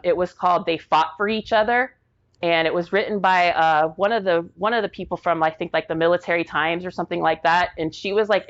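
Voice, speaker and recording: Woman, 40s, veteran guest; low, rambling, casual storyteller; lo-fi recording. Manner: rambling, heavy use of "like", acts out quoted people.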